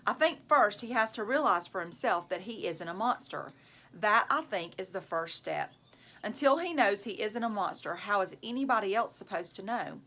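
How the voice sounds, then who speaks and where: A woman reading aloud, voicing a kind school counselor who talks in a soft, reassuring way. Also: medium pitch, lively intonation, moderate pace. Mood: thoughtful.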